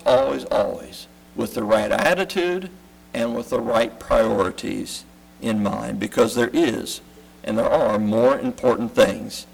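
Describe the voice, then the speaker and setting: A man preaching a sermon. He speaks in short rhythmic phrases, repeating words for weight, climbing high and loud to press a point and then dropping low and quiet. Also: creaky, poor audio. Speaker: pastor.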